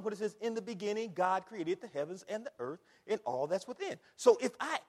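High-voiced preacher man in a reverberant hall. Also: animated, brisk, few pauses, a little mellow. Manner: emphatic preaching with repeated words and rhetorical questions. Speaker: pastor. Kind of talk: sermon. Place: church sanctuary.

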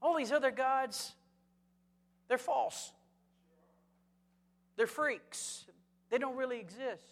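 A man's voice: extremely high pitch, takes it slowly, pauses often. Man preaching in an echoing hall. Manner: lively, asks the congregation rhetorical questions; joking asides. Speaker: pastor. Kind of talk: sermon. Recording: long hall reverb.

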